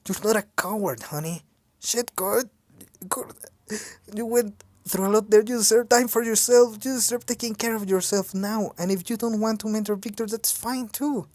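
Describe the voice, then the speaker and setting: A woman voicing a caring young man who speaks softly and reassuringly to his partner, read from a fan story. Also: mid-range voice, normal speed, no room sound, pitched above the performer's own voice, close to an everyday voice. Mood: soothing. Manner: soft, reassuring. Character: gentle, protective young man, soothing.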